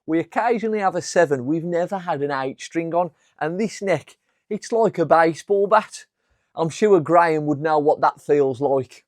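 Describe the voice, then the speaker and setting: A man's voice: fairly high pitch, normal speed, dry recording, clean studio sound. A man, hosting a jokey music shop vlog from his workbench, enthusiastic and fond of puns. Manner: enthusiastic, punning. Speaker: music shop guitar tech and host.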